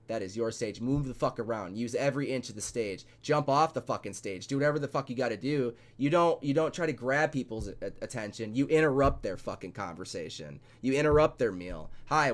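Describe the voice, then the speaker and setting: A man in a casual podcast chat, talking bluntly and rambling with plenty of swearing. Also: medium pitch.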